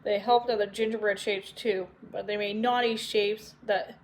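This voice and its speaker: A woman narrating an audiobook in a measured, unhurried way. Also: medium pitch, steady tone, a little hiss or hum, low-quality recording. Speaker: audiobook reader.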